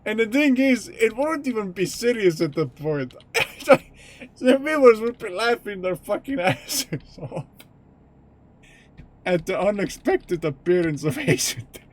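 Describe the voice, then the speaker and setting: Man, streamer, casual chat, giggly, lively pitch, slow talk. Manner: giggly, keeps breaking into laughter.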